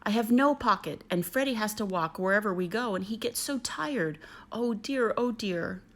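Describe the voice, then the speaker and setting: A woman's voice: high-pitched, a little fast, pitched above the performer's own voice. Woman doing a tearful mother kangaroo. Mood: pleading. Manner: pleading, weepy. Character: sad worried mother kangaroo.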